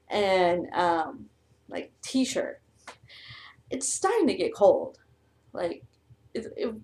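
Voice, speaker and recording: A woman's voice: mid-range voice, darkish tone. A young woman in her twenties, an English teacher, chatting casually and laughing as she tells a story. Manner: chatty, laughs often, acts out quotes.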